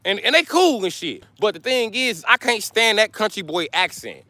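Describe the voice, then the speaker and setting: Man from the US, forties, livestream rant, swearing nonstop, lively swooping pitch, dry close sound. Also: normal speed, dry recording. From United States. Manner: loud, blunt, cursing, ranting nonstop. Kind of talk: profane rant to a live stream.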